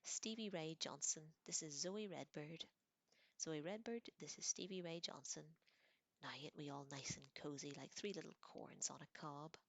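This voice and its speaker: A woman's voice: deep voice, a little fast, creaky, no echo, full character voice. A woman voicing a cold, bossy mean girl. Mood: mocking. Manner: cold, flat, threatening.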